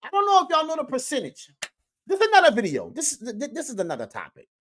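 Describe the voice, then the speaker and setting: A man's voice: very high-pitched, huge pitch swings, quick pace, fairly bright tone, slight background noise. A man doing comedic social media commentary in a preachy way, repeating catchphrases to his viewers. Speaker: online commentator.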